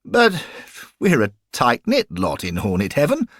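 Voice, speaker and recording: A man's voice: mid-range voice, huge pitch swings, a little slow, fairly bright tone, no echo, voice pushed up, heavily acted. An earnest football fan ghost pleads in a raised, slightly alarmed voice, as a male narrator puts him on. He sounds sincere and a little flustered. The recording is dry.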